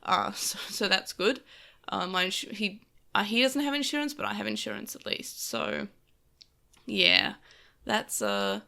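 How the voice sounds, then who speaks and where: A woman's voice: medium pitch, very animated, a little slow, creaky, sharp tone. A woman co-hosting a casual podcast, rambling through stories with lots of fillers, recovering on painkillers after a car crash. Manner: rambling, filler-heavy storytelling. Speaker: podcast co-host.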